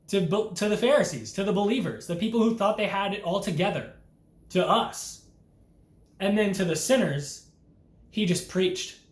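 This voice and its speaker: A man's voice: high-pitched, reverberant. A young man delivering an impassioned, earnest preaching monologue as a Christian vlogger, urgent and full of rhetorical questions.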